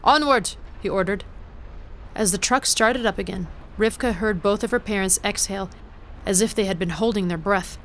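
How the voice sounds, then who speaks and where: A woman narrating a story in a steady reading voice, lifting her pitch for the characters' lines. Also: a little fast, slight background noise.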